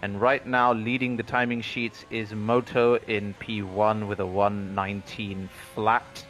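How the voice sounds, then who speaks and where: A man commentating on an online sim racing league, calling lap times and positions in a measured, analytical way. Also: fairly low pitch, level tone, fairly bright tone. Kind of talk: race commentary.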